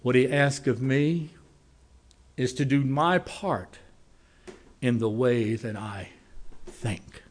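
A man preaching a sermon, telling a homespun story in a folksy way and moving from loud, quick lines to slow, quiet ones. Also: medium pitch.

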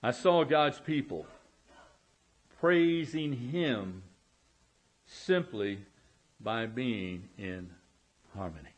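A man preaching a sermon as pastor in a church, emphatic and drawing out key words, calling out for amens. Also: medium pitch. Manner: emphatic, slow drawn-out words, calls out for amens. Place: church sanctuary.

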